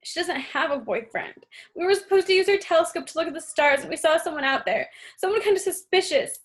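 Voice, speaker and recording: A woman's voice: very high voice, lively intonation, quick pace, pitched above the performer's own voice. A woman voicing a determined twelve-year-old girl in an audiobook, speaking earnestly and urgently.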